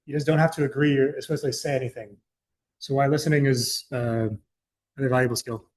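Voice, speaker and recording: A man's voice: mid-range voice, fairly even intonation, fairly quick. A young man giving a casual, chatty presentation to a student club, loose and full of fillers and asides. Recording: echoey room.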